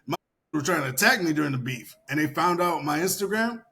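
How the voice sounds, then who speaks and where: A man on a casual podcast with a bright, forceful tone and a slightly high voice that swings widely in pitch. He talks animatedly, laughs often and swears freely. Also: fairly quick, creaky. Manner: animated, mimics commenters in loud high-pitched yelling. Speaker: podcast co-host.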